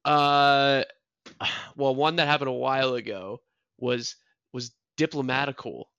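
A young man in his early twenties chats on a podcast in an easygoing, self-mocking way. His voice has a gravelly edge and a bright, forward tone. The sound is dry and close, with no room around it. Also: mid-range voice, a little slow, no echo, highs cut off. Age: young adult. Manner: joking, self-mocking, animated storytelling. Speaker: podcast co-host. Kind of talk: casual chat.

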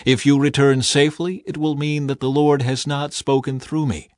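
A man's voice: a little high, flat delivery, moderate pace, no room sound, voice pushed up, close to an everyday voice. Man reading a solemn, unbending prophet, dry studio sound. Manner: solemn, unyielding. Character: defiant ancient male prophet.

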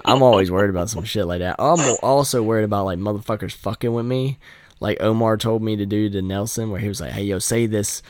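Low-voiced man. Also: fast talker, darkish tone, no echo. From North Carolina. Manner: rambling, profane, joking. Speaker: podcast host. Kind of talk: casual chat.

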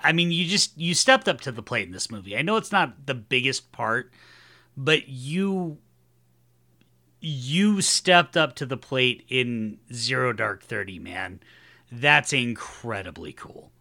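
A man's voice: medium pitch, expressive, a little slow, gravelly, sharp tone. A man hosting a podcast, chatting casually with his guest, swearing freely and talking with enthusiasm. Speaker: podcast host.

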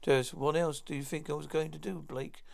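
A man's voice: on the high side, steady tone, fairly quick, creaky. A man reading a science-fiction script aloud, naming each speaker before their line. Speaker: narrator reading all parts. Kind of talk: plain read-through of a script.

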